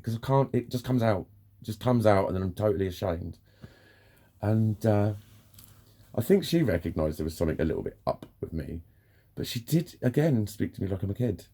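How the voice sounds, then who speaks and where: Swearing man ranting, low mellow voice. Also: expressive, moderate pace. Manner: frank, ranting, swears a lot. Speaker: vlogger. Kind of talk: candid personal monologue.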